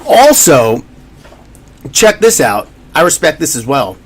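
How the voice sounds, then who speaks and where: This podcast co-host speaks slowly, his fairly high voice carrying a breathy edge. Chatting loosely about sports, he animates his stories by performing the quotes himself.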